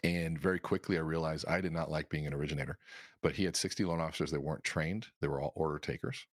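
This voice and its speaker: A middle-aged man with a low, deep voice tells stories at a quick clip. He talks casually and with animation, acting out the people in his stories. The sound is dry and close, with no room around it. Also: steady tone, no echo. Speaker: podcast guest. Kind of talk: casual storytelling.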